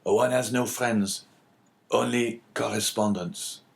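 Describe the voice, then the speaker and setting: A man's voice: mid-range voice, fairly even intonation, slow pace, gravelly. A man reading an audiobook, voicing a dignified, mournful merchant facing ruin in a grave, sorrowful manner.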